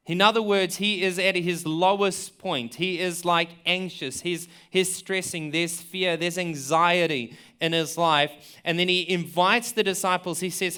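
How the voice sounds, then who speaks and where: A man's voice: sits high, steady tone, a little slow, hardly any pauses, pushed and bright, clean tone. A man preaching a sermon in an earnest, conversational way, asking listeners questions and often repeating words as he thinks aloud. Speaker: pastor.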